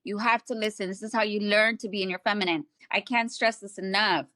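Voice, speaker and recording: A woman hosting a podcast, telling stories and giving blunt advice in a casual, animated and profane way, speaking straight to her listeners. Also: mid-range voice, brisk, no room sound, clean studio sound. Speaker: podcast host. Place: at home, wrapped in a blanket.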